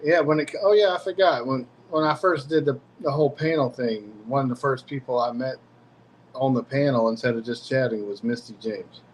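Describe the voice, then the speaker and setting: A man with a mid-range voice hosting a relaxed casual chat, often repeating words as he gets going. A faint hiss sits underneath. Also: mid-range voice, brisk, rough recording. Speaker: host.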